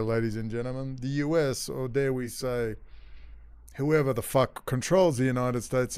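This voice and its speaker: A man's voice: medium pitch, normal speed, darkish tone, smooth, no echo. Sarcastic ranting man. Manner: sarcastic, swearing, mock-frightened asides. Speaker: commentary channel host. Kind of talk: ranting commentary over news clips.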